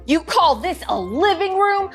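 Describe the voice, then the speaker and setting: A woman voicing a bossy female boot-camp colonel with a Southern accent, barking orders loudly. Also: very high voice, sing-song, unhurried, faint music behind, pitched above the performer's own voice, exaggerated voice. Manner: barking orders, loud and commanding.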